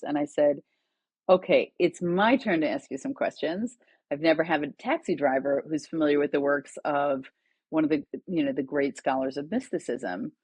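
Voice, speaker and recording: Here a middle-aged guest author and educator spins conversational stories, playing out each character's lines with lively energy. She speaks low with a breathy edge, and the recording is dry.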